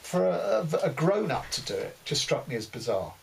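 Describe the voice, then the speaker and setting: A man's voice: fairly high pitch, very animated, moderate pace, gravelly. A man giving a casual spoken book review, rambling with many fillers and restarts and giving blunt opinions. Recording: distant mic with faint hiss.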